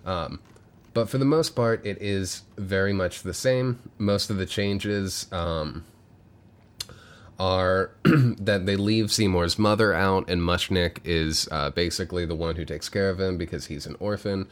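A podcast co-host casually retells a movie plot in a laid-back manner, with many fillers and the occasional swear word. His voice sits low and his pace is measured.

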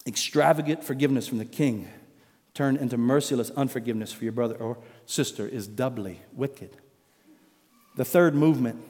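A man preaching a sermon as pastor, emphatic, rising to loud declarations and dropping low for weight. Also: moderate pace, big-room sound.

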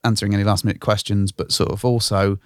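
Brief: male podcast co-host, lowish voice, dry close sound, loose rambling anecdotes. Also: level tone, fast talker, dry recording. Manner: rambling storyteller, hedges with "sort of". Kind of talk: casual chat.

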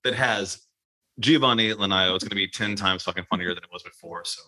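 A man's voice: low voice, brisk, pushed and bright. A man hosting a podcast in loose casual chat, rambling, swearing freely and laughing a lot. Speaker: podcast host.

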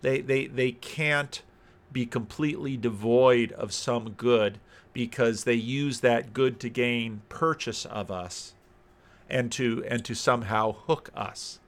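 A man's voice: mid-range voice, slow. A man who is a Christian minister, giving reflective video commentary and thinking aloud, often repeating words and phrases.

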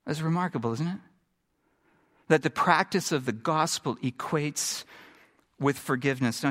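A middle-aged man delivers a sermon from the pulpit. His slightly raised voice is bright and forceful. He builds to emphatic peaks, then drops to a hushed tone. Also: on the high side. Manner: dynamic preaching, swinging from emphatic to hushed. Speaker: pastor.

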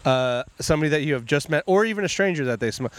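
A man's voice: on the high side, lively intonation, fast, smooth. A man co-hosting a podcast, talking in a rambling casual way. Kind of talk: casual chat.

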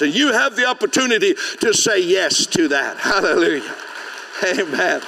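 A man's voice: high-pitched, moderate pace, gravelly, sharp tone, in a large hall. A man preaching a sermon as pastor, speaking conversationally, often asking the congregation questions and laughing. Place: church sanctuary.

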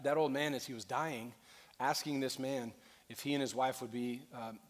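A male pastor preaching a sermon, telling a story with earnestness and building to a fervent call to action. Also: mid-range voice. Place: large church auditorium. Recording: long reverb in a large hall.

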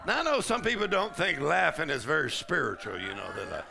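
A middle-aged man preaching a charismatic sermon, breaking into loud laughter and shouts. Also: fairly high pitch, wildly swooping pitch, a little fast, vocal fry. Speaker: pastor. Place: large conference hall.

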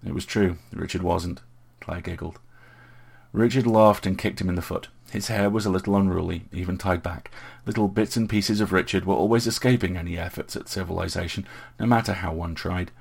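A man giving a steady, measured audiobook narration. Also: low voice, gravelly, breathy edge.

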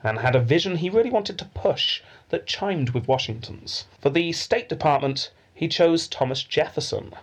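A man's voice: fairly high pitch, lively intonation, normal speed, hardly any pauses, husky. A man hosting a podcast, telling a history story in a chatty way and laughing easily. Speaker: podcast host.

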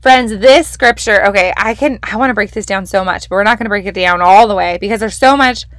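A young woman hosts a devotional podcast, teaching from the Bible in a casual, enthusiastic, emphatic way. Her mid-range voice is a bit bright and a little fast, captured in studio quality with no echo.

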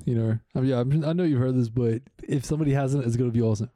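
An easygoing man with a mid-pitched, mellow voice, co-hosting a comedy podcast and telling rambling jokes. He laughs readily, and the recording is dry and close. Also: racing, dry recording. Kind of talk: casual comedy podcast banter.

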